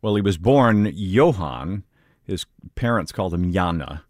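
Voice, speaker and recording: Deep-voiced wry radio host. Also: male voice, animated, unhurried, no echo, clean studio sound. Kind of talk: radio music introduction.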